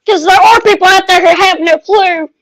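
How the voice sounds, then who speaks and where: A woman co-hosting a casual podcast chat, asking questions slowly between short replies of agreement. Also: extremely high pitch, a bit bright, no room sound. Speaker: podcast co-host.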